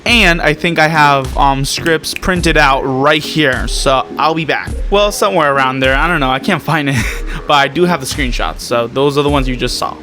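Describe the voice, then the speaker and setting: Bright-voiced young man rambling casually. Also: fairly high pitch, normal speed, faint music behind. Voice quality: rambling, full of fillers and restarts. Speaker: animation creator and vlogger. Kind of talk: casual vlog talk.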